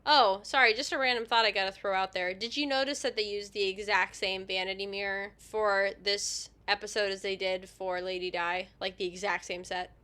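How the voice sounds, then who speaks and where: A woman's voice: medium pitch, fairly even intonation, normal speed, hardly any pauses, bright, forceful tone. A woman co-hosting a podcast, reading a comic episode synopsis with dry, self-interrupting asides. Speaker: podcast co-host.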